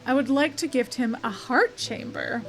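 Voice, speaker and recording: A courteous grieving lady visits a curio shop in a game, speaking formally and a touch high, as a woman streamer reads her lines. Soft music plays behind. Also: normal speed, poor audio. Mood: solemn.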